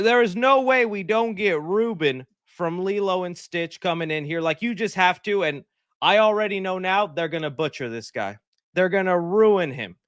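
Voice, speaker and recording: A man hosting a livestream, talking in a rambling, joking, animated way at his desk mic. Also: high voice, no echo, studio quality. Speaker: livestream host. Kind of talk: casual livestream chat.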